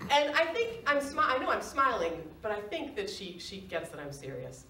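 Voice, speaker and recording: A middle-aged woman telling a personal story on a stage, animated and laughing often as she acts out quoted voices. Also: medium pitch, normal speed, few pauses, a little hiss or hum. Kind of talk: live storytelling. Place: stage in an arts center. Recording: roomy, distant live stage recording.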